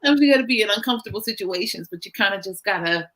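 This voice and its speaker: Lively storytelling woman on a call. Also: medium pitch, rapid-fire, poor audio. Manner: animated, acts out her own quoted lines. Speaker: interview guest. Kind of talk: casual storytelling interview.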